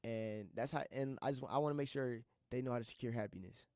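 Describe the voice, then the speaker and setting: A man's voice: mid-range voice, quick pace, darkish tone, dry recording. A young man hosting a college radio show alone, talking casually in a rambling, slangy, heartfelt way and often repeating himself. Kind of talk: casual solo monologue.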